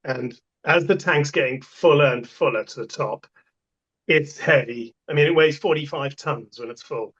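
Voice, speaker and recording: A man, a podcast guest telling an animated story and acting out the voices of the people in it. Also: a little high, moderate pace, muffled recording. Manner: animated anecdote, acts out quoted voices. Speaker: guest, festival toilet contractor. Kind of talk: casual storytelling.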